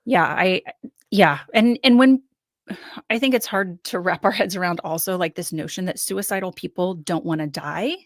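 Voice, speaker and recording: A woman's voice: fairly low pitch, moderate pace, dry recording, clean studio sound. A woman guest on a podcast, talking through her analysis in a thoughtful, hedging way with frequent restarts. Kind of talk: casual analytical discussion.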